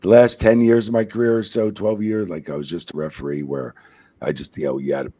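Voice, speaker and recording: A man, a former wrestling referee, telling profane, animated stories on a casual podcast and jumping into other people's voices. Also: low voice, a little fast, husky, dry recording.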